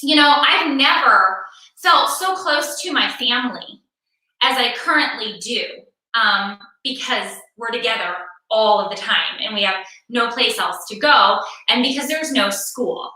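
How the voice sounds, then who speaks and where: A middle-aged woman performs stand-up comedy for a virtual show, her voice high-ish and very bright. She rants with sarcastic exasperation, piling up repeated words for the punchline. The sound is very echoey and comes from well away from the mic, as in a bare room at home. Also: animated, measured pace, recorded from a distance. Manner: sarcastic, exasperated ranting with repetition for effect.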